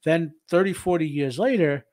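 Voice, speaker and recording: Man, slightly high voice, casual rambling discussion, halting and filler-heavy, dry sound. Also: darkish tone, dry recording. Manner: rambling and halting, with frequent "you know" and "like". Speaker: co-host.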